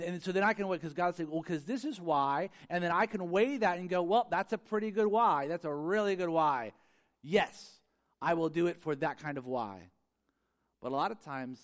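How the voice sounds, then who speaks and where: A man preaching a sermon in a conversational, animated way, acting out little quoted exchanges and at times dropping to a soft, quiet voice. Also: medium pitch. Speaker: pastor.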